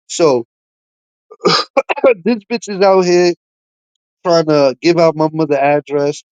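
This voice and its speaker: A man's voice: high-pitched, slow, long pauses, darkish tone, smooth, dry recording, muffled recording. A man hosting a livestream, ranting and mocking his rivals in heated, profane trash talk. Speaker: livestream host.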